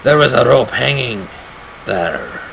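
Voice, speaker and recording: A man putting on a strained, raspy voice to read a game's horror narration slowly and grimly. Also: medium pitch, big pitch swings, a bit bright, slight background noise, full character voice, rough recording. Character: gravelly grown man narrating his own horror story.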